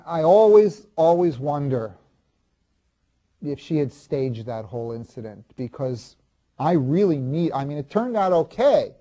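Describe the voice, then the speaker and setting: A man playing a proud ancient king in a first-person monologue, confiding and halting, restarting and repeating his words. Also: a little high, mellow. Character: proud ancient king recalling his marriage, self-justifying.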